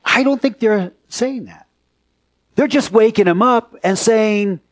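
Speaking in an unhurried, high-pitched voice, a male pastor gives a conversational sermon in church and keeps turning questions to his congregation.

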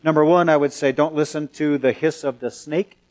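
A man preaching a Sunday sermon as a pastor, earnest and emphatic, slowing and speeding up for effect. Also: on the high side, fairly even intonation, darkish tone. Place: church sanctuary.

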